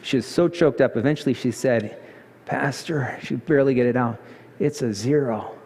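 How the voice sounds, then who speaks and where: Male pastor telling a story from the pulpit, gets animated, echoey church hall. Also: moderate pace, a little hiss or hum. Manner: animated storyteller, rising pitch for emphasis. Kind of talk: sermon with storytelling. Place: church sanctuary.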